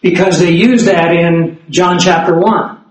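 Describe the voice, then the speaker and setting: A man preaching a sermon, expounding scripture in a measured, emphatic way with occasional fillers. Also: high voice, fairly even intonation, very echoey, rough recording. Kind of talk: sermon teaching.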